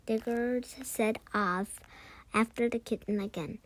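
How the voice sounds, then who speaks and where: A woman reading a children's book aloud, unhurried, often stumbling and correcting herself. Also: a little high, steady tone, poor audio. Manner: unhurried, with frequent slips and self-corrections. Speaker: read-aloud narrator.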